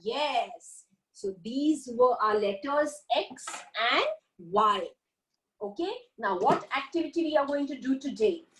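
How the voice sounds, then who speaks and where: High, lively woman teaching little kids. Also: slight background noise, low-quality recording. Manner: animated, drawn-out sing-song syllables for young children. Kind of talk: online kindergarten lesson.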